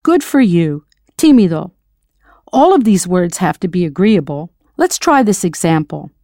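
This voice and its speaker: A patient, encouraging American woman leads a scripted audio language lesson, prompting the listener to answer. Her voice sits at a middle pitch. The sound is close and dry, with no room around it. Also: very animated, measured pace, warm tone, no echo. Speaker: language teacher.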